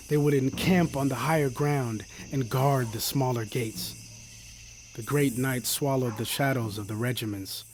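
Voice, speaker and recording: Solemn male epic narrator over music. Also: mid-range voice. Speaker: audiobook reader. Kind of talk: scripted narration of an epic poem.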